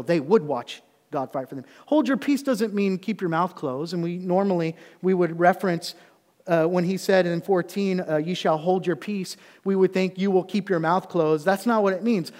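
Middle-aged male pastor, high tenor voice, preaching with swells of intensity, long hall reverb. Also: darkish tone. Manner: preaching with rising intensity, reading scripture slowly. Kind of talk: sermon.

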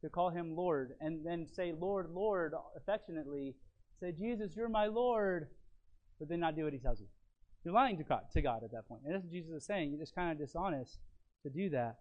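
A man's voice: fairly high pitch, fast, muffled recording. Emphatic preacher, a man. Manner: earnest and emphatic, swings from loud stresses to quiet lines; teacherly, walks through notes and fill-in blanks. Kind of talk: sermon.

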